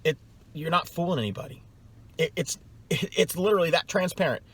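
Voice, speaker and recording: A man's voice: on the high side, lively intonation, fairly quick, a bit bright, breathy edge, dry recording. A middle-aged man coaching salespeople in a blunt, scornful way, hammering his points home through repetition. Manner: emphatic, scornful, repeats points for effect. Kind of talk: blunt advice vlog.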